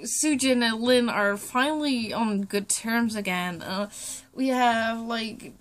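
A young woman vlogger, her voice fairly high, reacts on camera while choked up and tearful. Her sentences come out halting and broken, trailing off, and she swears plenty.

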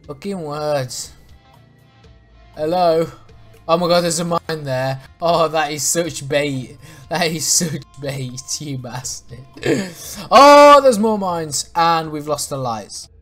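A man's voice: a little high, slow, a bit bright, soft background music. Swearing man playing a game. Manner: swears a lot, laughs and yelps in panic. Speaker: gaming YouTuber. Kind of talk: let's play commentary.

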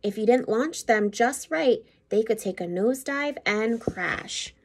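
Expressive woman reading a picture book. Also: fairly high pitch, unhurried. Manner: warm, expressive, teacherly. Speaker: school principal.

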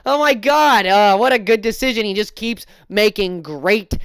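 A man's voice: high-pitched, moderate pace, fairly bright tone, smooth, dry recording, clean studio sound. A man doing casual mocking commentary, sarcastic and exasperated, rambling with restarts. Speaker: commentary YouTuber.

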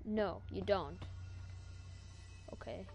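A woman chatting casually over her own gameplay, often mumbling quietly to herself and greeting the creatures in the game. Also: mid-range voice, extremely slow. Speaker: gaming streamer. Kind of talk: casual let's-play commentary. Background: loud game music.

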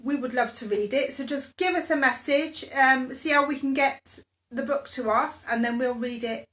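A woman's voice: sits high, moderate pace, fairly bright tone. A woman co-hosting a children's bedtime story live stream, chatting casually with her partner and telling parents what comes next. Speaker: co-host of a children's dance class stream.

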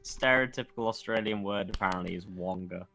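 A man's voice: on the low side, vocal fry, sharp tone. A young man chatting casually and playfully while playing a video game with a friend. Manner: chatty, playful, quick to laugh. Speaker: gamer. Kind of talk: casual gaming chat.

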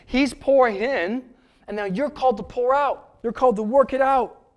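A man's voice: very high-pitched, moderate pace. A male pastor with a Canadian accent preaching a sermon in an earnest, emphatic way, repeating key phrases for stress. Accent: Canadian English.

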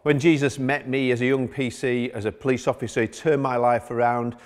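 Middle-aged pastor in an echoing hall. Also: male voice, mid-range voice, fairly even intonation, fairly quick. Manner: conversational storytelling. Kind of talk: sermon. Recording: long hall reverb.

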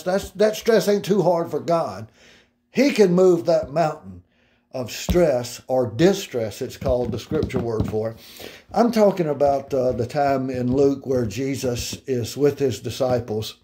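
A middle-aged male pastor preaching a sermon in an earnest, conversational way, slowing down to read scripture aloud and breaking into personal asides. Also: medium pitch, mellow.

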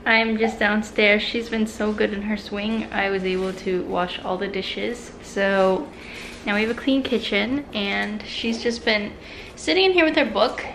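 A woman's voice: medium pitch, fairly even intonation, unhurried, a bit bright, slight background noise. A young woman, a mother, talking casually in a home vlog and switching into sing-song baby talk for her infant. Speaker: vlogger, mother. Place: home kitchen indoors.

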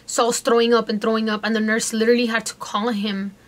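A young adult woman vlogger telling a story in a chatty, animated way, talking straight to her viewers. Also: fairly high pitch, fast. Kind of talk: casual storytime.

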